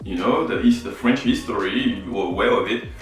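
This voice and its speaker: Reflective man with a low, echoey voice. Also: a little fast, distant mic, soft background music. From Martinique. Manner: explanatory, repeats "right?" and "you know". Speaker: photography YouTuber. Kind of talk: reflective vlog talk.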